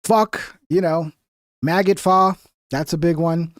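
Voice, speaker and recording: A man's voice: fairly high pitch, fairly even intonation, slow, fairly bright tone, no echo, clean studio sound. A man hosting a livestream, reacting to video clips in a casual, mocking way and swearing freely. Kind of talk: casual profane reaction commentary.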